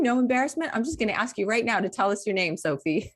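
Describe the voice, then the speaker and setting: A woman's voice: fairly high pitch, lively intonation, fast talker. A woman co-hosting a podcast, who gushes in her introductions and laughs often. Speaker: podcast co-host. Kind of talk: casual podcast chat.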